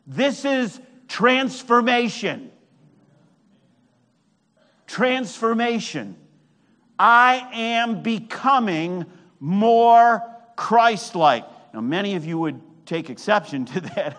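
A man's voice: high-pitched, a bit bright. A man preaching a sermon while teaching from a chart, with emphatic repetition and self-mocking humor.

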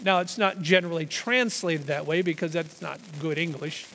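A man preaches in a high voice, teaching through scripture and leaning hard on the words he wants to stress. His sermon rings with the long reverb of a church hall. He often restarts a phrase before pressing on. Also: moderate pace, pushed and bright, slight background noise. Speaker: pastor.

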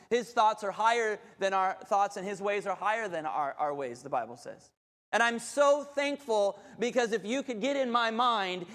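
A middle-aged pastor, preaching in a very high voice that rings through a large reverberant hall. He tells candid stories against himself, stumbling and restarting as he goes. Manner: candid, self-deprecating, animated storytelling with many restarts. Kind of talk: sermon with personal storytelling.

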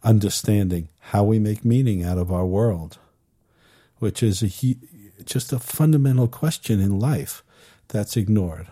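An older man hosting a podcast on holistic education, speaking in a thoughtful, measured way with slight hesitations and telling stories. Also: fairly low pitch, warm tone, slightly rough. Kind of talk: reflective podcast conversation and storytelling.

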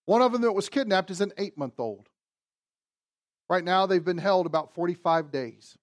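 High-voiced man preaching with animated swings. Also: moderate pace. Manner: animated preaching, swings from loud emphasis to quiet asides. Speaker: pastor. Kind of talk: sermon. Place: church.

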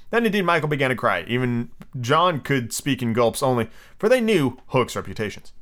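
Lively man reading a storybook aloud. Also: medium pitch, fairly quick. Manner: lively reading with slips, asides and page numbers. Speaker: podcast host reading a novel aloud. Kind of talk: casual storybook read-aloud.

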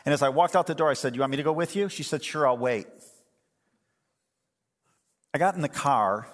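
A man's voice: on the high side, very fast. Older male pastor, conversational and wry, preaching in a church with long hall reverb. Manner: conversational, humorous storytelling. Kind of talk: sermon.

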